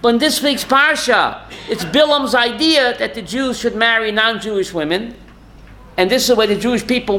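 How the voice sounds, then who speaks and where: A man's voice: very high-pitched, animated, normal speed, gravelly, sharp tone, a little hiss or hum. A man giving a rabbi's Torah class, emphatic, firing rhetorical questions and calling on listeners by name.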